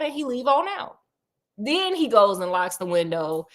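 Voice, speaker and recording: A woman's voice: high voice, very animated, normal speed. A woman retelling a story in a casual, chatty way, with digressions and laughing asides.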